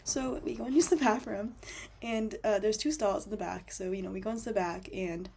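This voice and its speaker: A woman's voice: medium pitch, a little fast, gravelly, warm tone, slight background noise. A young woman telling a travel story as a voice-over, chatty and full of fillers. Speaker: travel vlogger.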